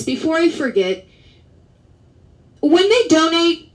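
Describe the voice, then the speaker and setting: A woman's voice: sits high, very animated, a little slow, pauses often, low-quality recording. Woman vlogger, rambling monologue, lots of restarts, blunt and profane. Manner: rambling, with many restarts and fillers. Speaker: advocacy vlogger. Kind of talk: casual monologue to camera.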